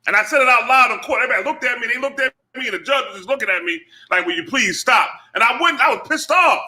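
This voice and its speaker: A man on a talk show telling a personal story with animated energy, acting out the voices of the people he quotes. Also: very high voice, very fast. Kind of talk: casual storytelling.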